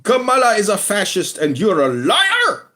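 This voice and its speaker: A man with a strikingly high voice argues in an overdone, put-on Jamaican-style accent. His pitch leaps around as he shouts taunts and breaks into mocking laughter. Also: wildly swooping pitch, normal speed. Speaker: audio chat room participant. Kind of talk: heated political argument in a live audio room.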